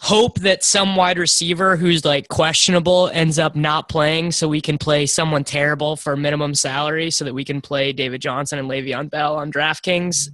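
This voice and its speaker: A man's voice: a little high, pushed and bright, no echo. A man co-hosting a sports podcast, trading sarcastic jabs in casual chat. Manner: needling, sarcastic. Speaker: podcast co-host.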